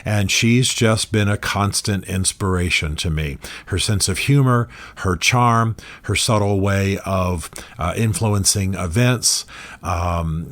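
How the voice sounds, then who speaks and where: Man, lowish voice, earnest, reflective monologue, repeats phrases for weight. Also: a bit bright. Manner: earnest, measured, repeats key phrases with emphasis. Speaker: author and commentator. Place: office.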